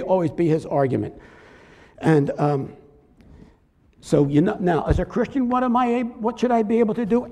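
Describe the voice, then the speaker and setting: Male pastor, high-pitched voice, conversational sermon with acted-out objector voices, echoing church hall. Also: dark tone. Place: church sanctuary. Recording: long hall reverb.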